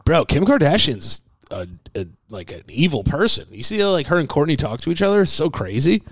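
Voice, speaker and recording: A man hosting a comedy podcast, rambling playfully with plenty of swearing and now and then dropping to a hushed voice. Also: fairly high pitch, very animated, a little fast, dry recording, studio quality. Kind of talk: improvised comic singing and rambling chat.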